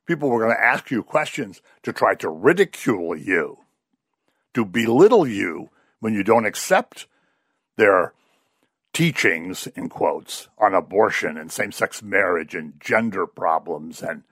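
A man preaching a sermon, telling a Gospel story with animated storytelling and quoted voices. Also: on the low side, measured pace, breathy edge, no echo, studio quality.

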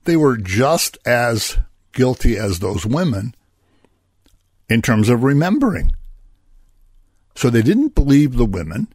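A man's voice: mid-range voice, sing-song, slow, long pauses, darkish tone, husky, no room sound, studio quality. A man preaching a Bible-study sermon in a conversational way, asking rhetorical questions and chuckling between points.

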